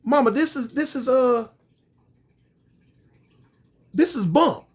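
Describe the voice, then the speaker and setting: A man's voice: very high-pitched, animated, takes it slowly, husky, pitched above the performer's own voice, full character voice. A man voicing a young man just out of prison, talking in a pleading, emotional way. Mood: startled.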